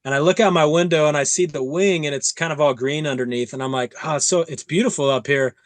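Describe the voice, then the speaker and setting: A man hosting an interview podcast, telling stories in an animated way and acting out his own quotes. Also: on the high side, fast talker, dry recording. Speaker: podcast host. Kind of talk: casual interview chat.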